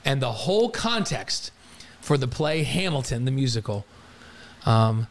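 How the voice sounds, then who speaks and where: A man co-hosting a casual talk show, animated and jokey, slipping into playful quoted voices. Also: mid-range voice, measured pace. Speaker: podcast co-host. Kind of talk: casual sports radio chat.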